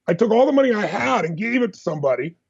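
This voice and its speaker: A man as a podcast guest, telling personal stories in an animated, emphatic, fast-flowing way. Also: sits high, gravelly, breathy edge, muffled recording. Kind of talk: energetic personal storytelling.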